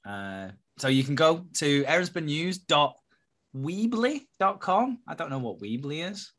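A man's voice: on the high side, big pitch swings, unhurried, fairly bright tone. A man hosting a podcast, chatting with friends in a jokey way and laughing often. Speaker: podcast host. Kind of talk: casual chat among friends.

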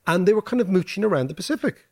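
An Irish man hosting a podcast, explaining history and economics in animated casual chat, often tagging his points with "right?". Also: high-pitched, very fast, no echo, studio quality. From Ireland. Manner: animated lecturing, rhetorical "right?" tags. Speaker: podcast host.

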